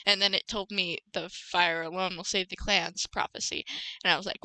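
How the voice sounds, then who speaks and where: A woman's voice: fairly low pitch, level tone, moderate pace, pushed and bright, no room sound, poor audio. A young woman hosting a podcast, recapping a book in a rambling, self-correcting casual chat. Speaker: podcast host.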